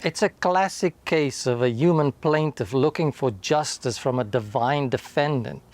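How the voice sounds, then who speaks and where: Male pastor, slow and measured, mid-pitched, for a short sermon with emphatic beats. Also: dry recording. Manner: deliberate, emphatic delivery that drops to a quiet close.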